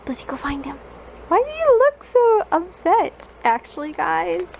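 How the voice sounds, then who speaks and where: A woman's voice: very high voice, very animated, unhurried, a little hiss or hum, low-quality recording. A woman talking baby talk to a dog in a bedroom, cooing and doting. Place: bedroom at home.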